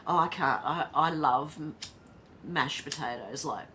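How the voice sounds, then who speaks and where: Australian woman, livestream host; casual, giggly chat reader with a lowish voice. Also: unhurried, fairly bright tone. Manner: chatty, reads chat messages aloud, laughs often. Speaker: livestream host reading viewer comments.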